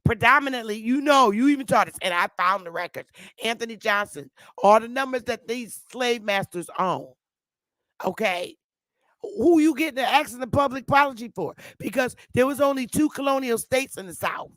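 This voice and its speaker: A woman's voice: on the high side, lively intonation, moderate pace, fairly bright tone, no room sound. A woman hosting a live stream, ranting in blunt, brash commentary. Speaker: livestream host.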